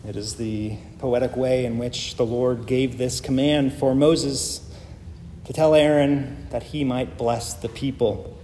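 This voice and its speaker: Mellow-voiced male pastor preaching in a hall. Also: medium pitch, fairly even intonation, slow, slight background noise. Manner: emphatic, builds through repeated phrases. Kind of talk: sermon. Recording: long reverb of a large hall.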